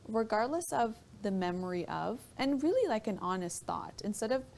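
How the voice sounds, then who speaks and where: A woman guest on a radio talk show, explaining her ideas thoughtfully and pausing to find her words. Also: a little high, sing-song, creaky, a little mellow, slight background noise. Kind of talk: reflective talk radio discussion.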